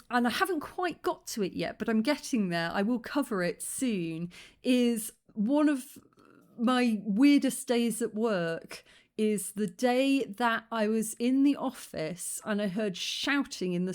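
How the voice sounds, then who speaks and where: A woman's voice: fairly high pitch, expressive, slow, darkish tone. Chatty woman commenting on a video. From abroad, lives in Rwanda since 2007. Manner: frank, chatty, laughs often. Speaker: reaction video host. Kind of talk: casual commentary.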